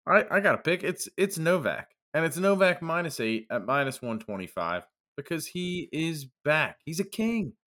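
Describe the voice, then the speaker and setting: Male cohost, mid pitch, bright and animated, teasing enthusiasm. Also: normal speed, few pauses. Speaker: podcast cohost. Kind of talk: casual sports betting podcast chat.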